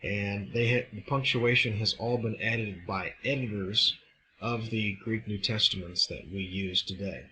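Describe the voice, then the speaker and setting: Guy teaching a lesson, lowish voice but bright, slow careful explaining, faint room hum behind. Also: fairly even intonation, poor audio. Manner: measured, explains step by step. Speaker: Greek teacher. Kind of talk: recorded classroom lecture.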